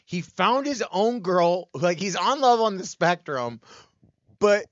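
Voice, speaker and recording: Man, casual podcast chat, lively swooping pitch, slightly high, dry dull sound. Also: slow pace, no room sound. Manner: animated, jumps into high squealing impressions. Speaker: podcast co-host.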